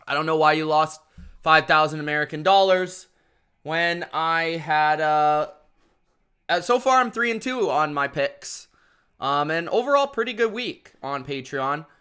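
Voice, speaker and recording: A man hosting a live stream, calling football play-by-play with a hyped announcer-style delivery and shouting out his chat. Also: fairly high pitch, expressive, a little slow, clear, resonant tone. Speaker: live-stream sports commentator.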